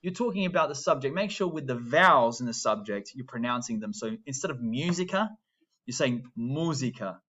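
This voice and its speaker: Man Italian teacher modeling phrases slowly, lo-fi. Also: medium pitch, sharp tone. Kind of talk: recorded pronunciation lesson.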